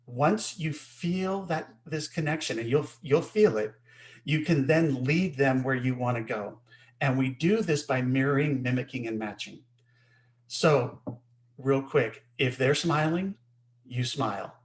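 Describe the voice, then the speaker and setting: A man's voice: medium pitch, measured pace. A man co-hosting an online webinar, explaining ideas emphatically and often checking in with the listeners. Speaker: co-host teaching a webinar. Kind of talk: webinar teaching.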